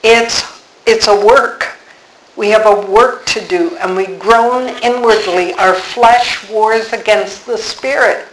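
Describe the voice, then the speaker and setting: An older woman, a religious sister, teaching on scripture in an earnest, unhurried way, reading verses slowly and dwelling on key words. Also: a little high, roomy sound, a little hiss or hum, low-quality recording. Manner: reads scripture slowly, then speaks with earnest conviction.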